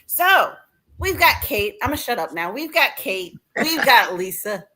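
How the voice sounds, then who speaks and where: Chatty lady hosting a football podcast, bright lively voice, laughs a lot. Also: a little high, a little slow. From Midwest. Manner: bubbly, chatty, laughs often. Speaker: podcast host. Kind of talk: casual podcast chat.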